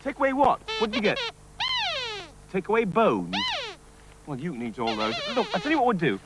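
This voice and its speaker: A man presenting a children's television show, chatting warmly to his puppets. His delivery is cheerful and coaxing, with lots of rise and fall. The recording is an old TV tape with steady hiss. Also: high voice, a little fast. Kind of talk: lively scripted children's TV talk.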